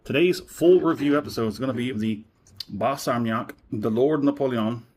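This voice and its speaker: A man hosts a laid-back spirits review channel. His voice sits at an ordinary middle pitch, and he talks casually in a playful, joking way. He tends to ramble a little as he goes. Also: moderate pace, a little mellow, slight background noise.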